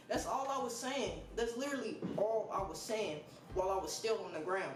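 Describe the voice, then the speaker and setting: A man's voice: sits high, brisk, noisy background. A man telling a casual storytime to camera, loose, profane and joking as he goes. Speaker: vlogger. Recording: roomy echo with faint music.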